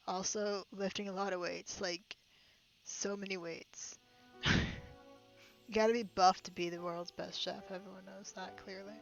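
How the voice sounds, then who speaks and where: A woman's voice: mid-range voice, flat delivery, a little slow, creaky, pauses often, highs cut off. A young woman streaming a game, reading it aloud and reacting with incredulous, laughing, sweary remarks.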